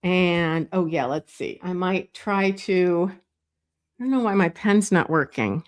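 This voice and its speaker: A woman giving a live drawing lesson, thinking aloud as she works, relaxed and chatty with light laughs, often pausing and correcting herself. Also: fairly low pitch. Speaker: drawing teacher.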